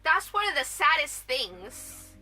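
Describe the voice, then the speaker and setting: A woman's voice: sits high, very animated, takes it slowly, pushed and bright. A young woman talking casually in a vlog, rambling and restarting with lots of fillers. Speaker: vlogger.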